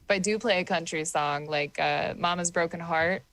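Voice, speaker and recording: Woman from Oklahoma, guest musician; low, frank, swears freely, dry close sound. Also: moderate pace, fairly bright tone, no echo, low-quality recording. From Oklahoma, USA. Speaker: guest singer-songwriter. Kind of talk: casual podcast chat.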